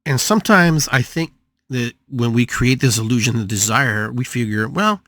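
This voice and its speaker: An older man delivers a motivational talk as a podcast host, lively and playful. He stretches out repeated words and jumps suddenly up in pitch. His voice sits at an ordinary middle pitch, recorded dry and close. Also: moderate pace, dry recording. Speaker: podcast host and spiritual healer.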